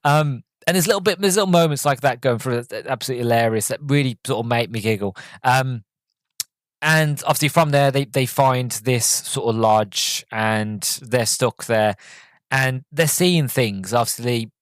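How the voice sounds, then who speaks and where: A man's voice: medium pitch, normal speed, dry recording. A man hosting a podcast, casually reviewing a film with lots of fillers and restarts while retelling scenes. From Britain. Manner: rambling, with many fillers and restarts, retelling scenes in quoted voices. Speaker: podcast host.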